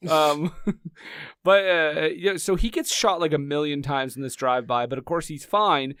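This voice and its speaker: A man's voice: a little high, a little slow, fairly bright tone, clean tone. A man co-hosting a podcast, chatting about a movie with wry, sarcastic banter. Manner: wry, sarcastic banter with mock scolding bits. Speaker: podcast co-host. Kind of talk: casual movie-review chat.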